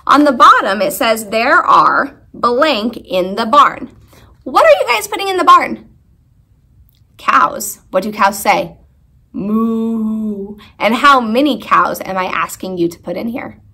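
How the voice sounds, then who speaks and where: A woman preschool teacher reading a poem aloud slowly to young children and asking them questions. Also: fairly high pitch, sing-song, creaky, sharp tone. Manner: slow, sing-song teacher talk with questions to the children.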